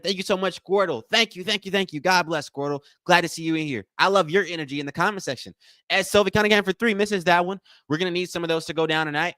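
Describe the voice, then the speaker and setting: A man's voice: on the high side, a bit bright, smooth, dry recording. Man, live stream host, casual play-by-play, repeats himself, says y'all, dry close sound. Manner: repetitive, addresses chat as y'all, thanks donors. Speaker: livestream host. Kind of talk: casual live play-by-play watch-along commentary.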